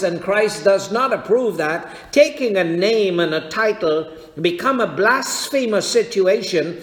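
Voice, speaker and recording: A man preaching a sermon in a church, slow and deliberate, checking that his congregation follows. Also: high voice. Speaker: pastor. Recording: echoey hall with long reverb.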